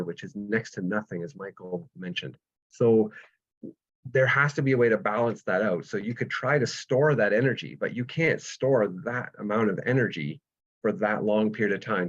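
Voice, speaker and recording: A man with a lowish voice walks through how things work in a patient, step-by-step way, leaning on everyday analogies. His voice comes over a video call, and the audio is dull and lo-fi. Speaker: solar energy presenter. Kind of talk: explanatory webinar talk.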